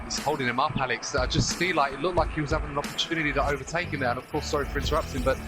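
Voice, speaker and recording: A man giving animated, colourful co-commentary on a sim race. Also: on the high side, very fast, over music.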